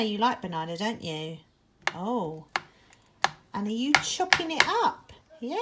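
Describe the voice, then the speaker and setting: A woman runs a children's phonics lesson alongside a puppet, her voice rising and falling in wide, lively arcs. She speaks unhurriedly and lingers on each word. Her exclamations are big and showy, and she often sinks into a soft hush. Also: mid-range voice, a little slow, heavy background noise. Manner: animated, exaggerated exclamations, drops to a hush at times.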